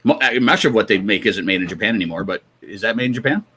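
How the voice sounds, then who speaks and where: A man co-hosting a casual hobby podcast, quick to tease and filling his talk with "uh" and "like". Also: lowish voice, animated, bright, forceful tone, breathy edge. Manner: fast, teasing banter with many fillers. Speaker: podcast co-host. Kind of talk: casual chat.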